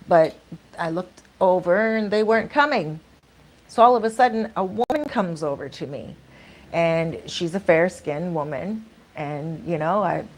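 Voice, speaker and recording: A woman vlogger telling a story in a casual, chatty way, acting out each side of the conversations she recounts. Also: fairly low pitch. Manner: animated, acts out both sides of dialogue; chatty, laughs often.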